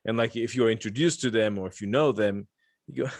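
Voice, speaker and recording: A man's voice: lowish voice, sing-song, normal speed, creaky, breathy edge, no room sound, clean studio sound. A man from Lithuania hosting a podcast, chatting casually and joking, rambling with frequent restarts. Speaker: podcast host. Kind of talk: casual chat.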